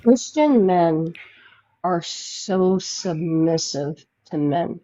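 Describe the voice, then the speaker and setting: A woman's voice: on the low side, lively intonation, extremely slow, mellow. A woman on a live call making dry, mocking remarks. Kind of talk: casual debate chat. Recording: dry dull-sounding audio.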